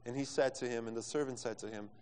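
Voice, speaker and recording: Pastor preaching in a reverberant hall. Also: male voice, mid-range voice, fairly even intonation, quick pace, a little mellow, clear, resonant tone. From Brazil. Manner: impassioned preaching, non-native phrasing, acts out quotes. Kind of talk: sermon. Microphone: microphone.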